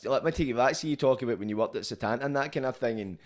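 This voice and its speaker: A man's voice: mid-range voice, rapid-fire. A man hosting a podcast, asking blunt, sweary questions and laughing along with his guest. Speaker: podcast host. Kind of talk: casual podcast interview.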